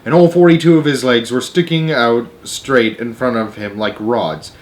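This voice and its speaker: A man reading a children's book aloud as storyteller, expressive with varied pacing. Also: mid-range voice, moderate pace.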